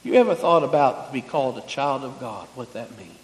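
A man preaching a sermon, rising to loud emphatic passages and falling to quiet, close tones. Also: mid-range voice, animated, fairly quick, slight background noise. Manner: preaching with swelling emphasis, then dropping to soft intimate tones. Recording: long hall reverb.

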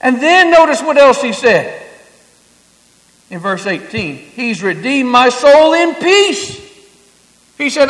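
A man preaching a sermon, swinging from hushed, quiet passages to loud, emphatic declarations. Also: very high-pitched. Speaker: pastor. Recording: echoey hall.

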